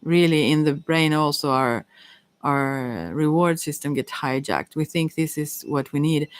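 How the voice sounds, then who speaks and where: A woman giving a casual live-stream tarot reading, chatty and giggly, pausing often with fillers as she talks things through. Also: deep voice. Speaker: tarot reader.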